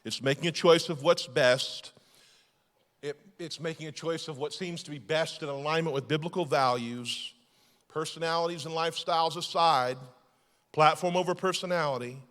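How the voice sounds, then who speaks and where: A male lead pastor preaching a sermon emphatically, moving between loud declarations and hushed passages. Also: a little high, normal speed, in a large hall. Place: church sanctuary.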